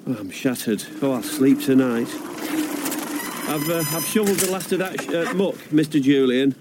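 A man's voice: medium pitch, moderate pace, natural voice. Sitcom: man as a meek, tired handyman, plaintive, noisy track. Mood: weary. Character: weary, put-upon male museum handyman. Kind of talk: sitcom acting.

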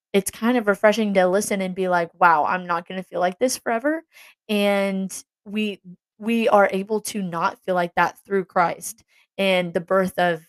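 Young woman, lowish voice, rambling earnest faith chat, dry close recording. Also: no room sound. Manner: rambling, earnest, many fillers and restarts. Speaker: Christian vlogger. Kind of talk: casual faith talk.

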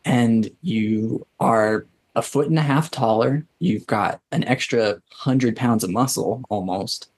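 A man running a tabletop game as game master, narrating slowly and deliberately, with relaxed laughs. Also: mid-range voice, slightly rough, dry recording.

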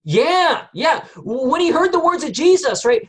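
A man's voice: very high voice, sing-song, measured pace. A man leading a group Bible study in a conversational way, often asking the group questions and using many fillers.

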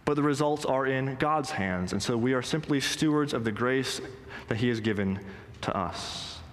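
A man preaching a sermon to a congregation, earnest and emphatic, slowing down to stress quoted lines. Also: medium pitch. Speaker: pastor. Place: church sanctuary. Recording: long hall reverb.

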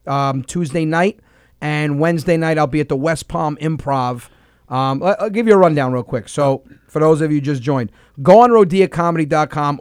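A man's voice: on the high side, clean tone, no echo, clean studio sound. A man hosting a comedy radio show, rambling casually through his list of upcoming tour dates. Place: radio studio.

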